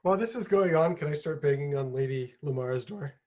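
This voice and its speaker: A man playing a tabletop game makes polite, formal requests in character. His voice sits a little high. The sound is dull and muffled. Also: fast, darkish tone. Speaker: player. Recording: dull lo-fi audio.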